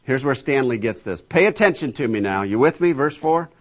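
Preacher booming scripture, chatty asides. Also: male voice, lively intonation, a little fast. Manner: booming emphatic scripture reading, conversational asides; addresses listeners directly, filler-heavy. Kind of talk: sermon with scripture reading.

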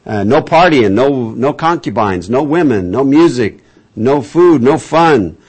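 A man's voice: mid-range voice, lively intonation, a little slow, a little mellow, slightly rough. Folksy man preaching a conversational sermon. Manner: folksy, chatty storytelling with frequent restarts. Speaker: pastor. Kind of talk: conversational Bible-teaching sermon.

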